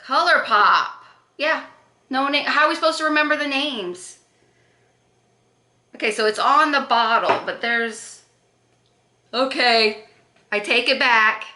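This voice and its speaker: Bright, gushing woman in an echoey room. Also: high-pitched, a little slow, long pauses. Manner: chatty and gushing, with gasps and self-corrections. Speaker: beauty vlogger. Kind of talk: casual makeup unboxing chat. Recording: roomy echo.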